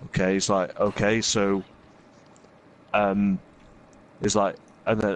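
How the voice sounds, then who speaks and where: A man's voice: fairly low pitch, level tone, slow, long pauses. A man hosting a gaming video, casually retelling a story in a rambling way, full of fillers and quoted asides. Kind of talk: casual storytelling while playing a game.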